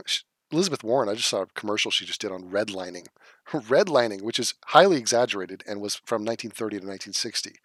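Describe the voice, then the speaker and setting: A man's voice: fairly low pitch, lively intonation, fast talker, fairly bright tone, no room sound. A man hosting a casual livestream, reading chat comments aloud and answering them in a blunt, profane, scoffing way. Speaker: livestream host.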